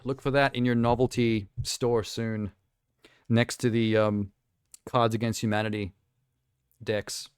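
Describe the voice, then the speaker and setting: A man's voice: medium pitch, flat delivery, unhurried, long pauses, clear, resonant tone, no room sound, studio quality. A young man live streaming, chatting casually and rambling with self-amused asides while reacting to trailers.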